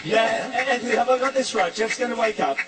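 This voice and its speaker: A man's voice: extremely high pitch, brisk. A man entertaining children at a live concert, enthusiastically rallying the audience. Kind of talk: live show patter to audience. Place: concert auditorium. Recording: live concert with loud music.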